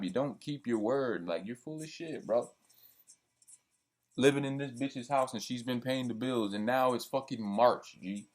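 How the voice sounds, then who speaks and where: A young man ranting in a heated, profane, rambling monologue. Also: medium pitch. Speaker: vlogger. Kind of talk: venting monologue.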